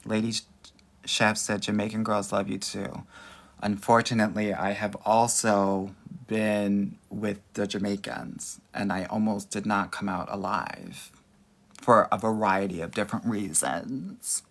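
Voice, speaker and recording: A man's voice: fairly low pitch, steady tone, unhurried. A man coaching on dating in a live Q&A, reading viewer comments aloud in a sassy, flamboyant way and calling listeners honey and girl. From United States.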